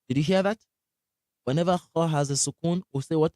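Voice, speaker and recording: A man leads a live online recitation lesson. He is energetic, quizzes his class, and repeats sounds to show how they are made. His voice sits a little high, and the sound is dry and close. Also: a little fast, no room sound. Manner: asks the class questions. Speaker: Quran recitation teacher.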